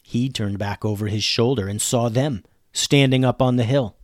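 A man narrating a children's story in a playful, animated way as a podcast host. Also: mid-range voice, moderate pace, no echo, clean studio sound.

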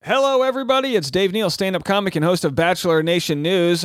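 A man's voice: sits high, fast talker, clean tone. A man hosting his own podcast as a stand-up comic, talking in an upbeat, jokey way with rambling asides. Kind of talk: energetic solo podcast chat.

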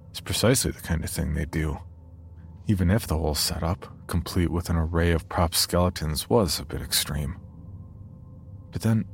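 Deep gravelly male horror narrator. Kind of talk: first-person horror story narration. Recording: faint music underneath.

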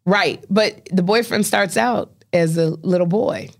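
A woman's voice: mid-range voice, measured pace. A middle-aged woman, a comedian, chatting in an interview and telling colloquial stories with punchy asides. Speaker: talk show host and comedian, interview guest. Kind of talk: casual interview chat.

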